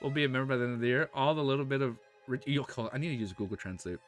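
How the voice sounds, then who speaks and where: An American man streaming, who reads a novel aloud and breaks off for laid-back, excitable chat full of slang. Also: mid-range voice, rapid-fire, faint music behind. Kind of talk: reading a novel aloud on a livestream, casual chat.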